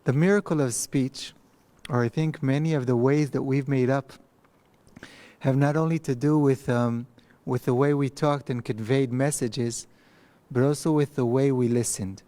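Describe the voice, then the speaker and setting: A man's voice: mid-range voice, steady tone, dark tone. Conversational man teaching a text. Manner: thoughtful, conversational, with pauses and restarts. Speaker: rabbi teaching a text class. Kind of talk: recorded online lecture. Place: empty study hall. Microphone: microphone.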